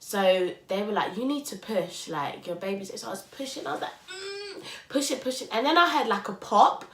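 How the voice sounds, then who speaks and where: A young woman tells her story with lively, animated quoting. Her voice is bright and forceful. The sound is roomy and echoey. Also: medium pitch, brisk. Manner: animated, acts out quotes loudly and laughs. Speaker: podcast co-host. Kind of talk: casual storytelling chat. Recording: roomy echo.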